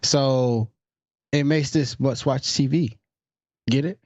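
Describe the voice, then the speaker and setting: A man's voice: medium pitch, steady tone, slow, darkish tone, no room sound, lo-fi sound. A man co-hosting a podcast in a laid-back, laughing way, often tossing in "man.". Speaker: podcast co-host. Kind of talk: casual chat.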